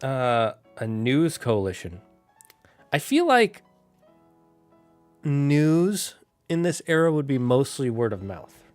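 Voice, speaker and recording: A man streaming live, thinking out loud and answering chat in a casual, rambling way. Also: medium pitch, very animated, no room sound, soft background music. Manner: musing aloud, thinks out loud with quick asides. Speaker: streamer running a worldbuilding chat.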